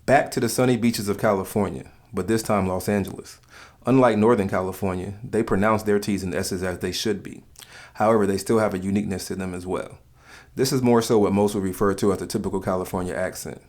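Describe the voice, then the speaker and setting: A man from the States, giving calm, measured scripted narration for a countdown video. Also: low-pitched. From Southern United States.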